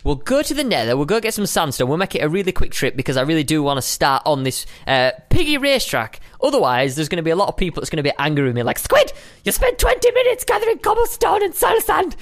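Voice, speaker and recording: A young man giving playful, chatty commentary while playing a survival game, now and then breaking into high squeals. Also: big pitch swings, fast, hardly any pauses, a bit bright. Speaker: gaming video host. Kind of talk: casual gameplay commentary.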